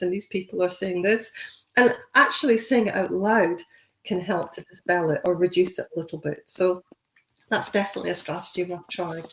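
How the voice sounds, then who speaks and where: A woman's voice: mid-range voice, reverberant. A woman giving a conversational training webinar, encouraging and full of "you know" fillers. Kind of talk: webinar talk.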